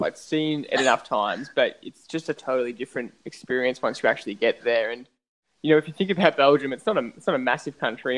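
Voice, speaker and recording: A man hosting a casual conversation, asking questions and sharing his own experience in a relaxed way. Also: mid-range voice, low-quality recording.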